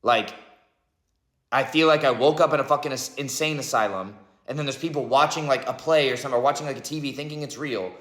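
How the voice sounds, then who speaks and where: A man's voice: medium pitch, fast, a bit bright. A man in his thirties talks through a rambling, reflective spiritual monologue, filling it with "like" and "right?" and swearing often. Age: 30s. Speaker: vlogger. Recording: echoey room.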